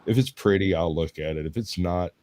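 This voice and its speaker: A man's voice: low voice, a little fast, warm tone. A man with a Southern US accent, chatting casually and telling long stories as a co-host. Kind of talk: casual chat.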